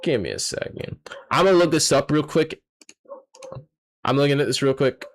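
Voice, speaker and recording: A man's voice: fairly high pitch, expressive, normal speed. A young man streaming a live reaction, talking casually to his chat, swearing and sounding exasperated. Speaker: streamer reacting to a manga chapter.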